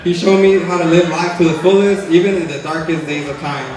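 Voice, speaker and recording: A young man in his twenties gives a chatty, joking wedding toast for his twin brother, laughing between lines in a large hotel banquet hall. His voice is on the high side with fairly even intonation and a fairly quick pace. The distant mic picks up heavy echo and background noise.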